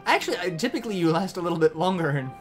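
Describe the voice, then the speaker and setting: A man's voice: high voice, expressive, very fast, over music. A young man casually chatting on a game livestream, rambling between topics and reading game lines aloud.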